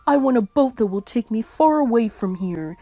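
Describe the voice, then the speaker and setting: A woman's voice: a little high, expressive, normal speed, warm tone, no echo. A woman reading aloud, voicing a boy who grows into a tired old man, in a plain, asking voice. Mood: weary.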